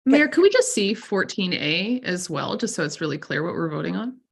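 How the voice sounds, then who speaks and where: A man's voice: sits high, sing-song, a little fast, creaky, slightly rough. A man councillor in a council chamber, arguing his point in a loose, conversational way and teasing a colleague. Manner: conversational, teasing, lots of fillers. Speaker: city councillor. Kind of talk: council debate.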